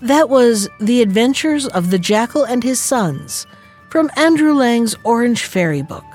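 A woman reading a fairy tale aloud in a gentle, measured storyteller manner. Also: fairly high pitch, expressive, soft background music.

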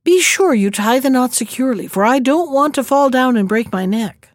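A woman's voice: high-pitched, expressive, normal speed, dry recording, clean studio sound. A woman voicing a wary male thief in a storybook reading, in a cautious, plain way.

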